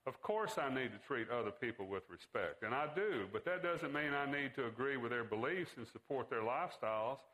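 A man's voice: mid-range voice, lively intonation, brisk, hardly any pauses, fairly bright tone, natural voice, rough recording. A man voicing a middle-aged father who defends his views with bluster in a read-aloud story. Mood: defensive.

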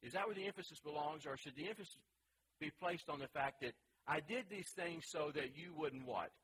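Male Bible class teacher with a bright, forward tone who reads scripture aloud and questions his listeners. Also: a little high, a little fast, a little hiss or hum, rough recording.

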